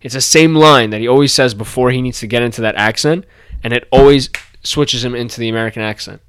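A man's voice: mid-range voice, fast talker, a bit bright, smooth, dry recording. A man co-hosting a podcast in loose casual chat, rambling through asides. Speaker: podcast co-host.

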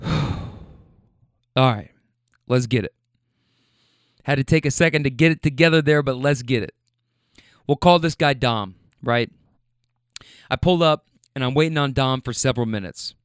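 A man's voice: medium pitch, normal speed, pauses often, clean tone, no echo, studio quality. A man hosting a podcast, telling stories from his rides in a casual, profane, emphatic way that turns openly emotional. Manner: profane, emphatic, repeats himself; emotional, gets choked up. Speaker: podcast host and rideshare driver. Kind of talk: casual storytelling monologue.

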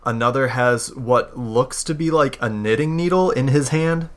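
A man with a mid-range voice narrates a tabletop role-playing game as game master, speaking haltingly and filling gaps with fillers.

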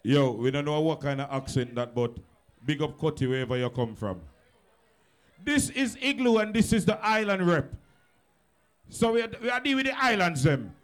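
A man with a Jamaican accent, a sound system rep, hyping the crowd with loud island shout-outs at a party. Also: fairly high pitch, sing-song, normal speed.

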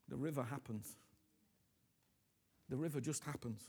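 A middle-aged man preaching a sermon, moving from hushed whispers to loud, pleading outbursts and asking his listeners again and again whether they understand him. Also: on the high side, animated, normal speed. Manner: repeats himself, asks "you understand me?" often.

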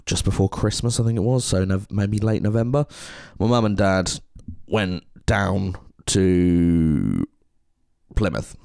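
Earnest deep-voiced man. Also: takes it slowly, vocal fry, a little mellow, clear, resonant tone, dry recording, clean studio sound. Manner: earnest and heartfelt. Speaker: podcast co-host. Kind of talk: casual podcast chat.

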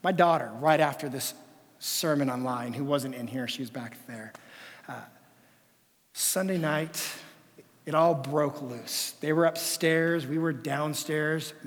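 Animated male pastor, reverberant hall. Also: on the high side, measured pace. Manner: animated storytelling, swinging between loud and hushed. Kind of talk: sermon. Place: church sanctuary. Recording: long reverb of a church hall.

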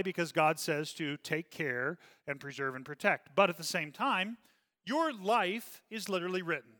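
A man's voice: fairly high pitch, sharp tone, long reverb tail. A man leading a Bible study as pastor, earnest and often checking in with "okay?".

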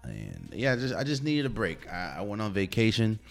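Deep-voiced animated sports podcaster man. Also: a little fast, gravelly. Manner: animated, repeats words when restarting, laughs often. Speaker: podcast host. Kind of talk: solo sports podcast commentary. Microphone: podcast mic.

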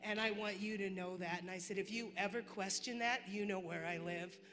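A woman's voice: medium pitch, steady tone, brisk. Chatty woman testifying in a reverberant hall. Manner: chatty storytelling, quoting herself and others. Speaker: church member giving testimony. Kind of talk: personal testimony. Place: church hall.

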